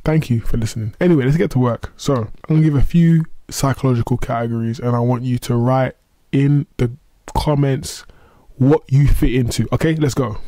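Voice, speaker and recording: A man with a warm, mellow voice hosts a solo motivational podcast. He speaks earnestly and conversationally, with self-deprecating asides, and his voice sounds dry and close with no room echo. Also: medium pitch, a little fast. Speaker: podcast host.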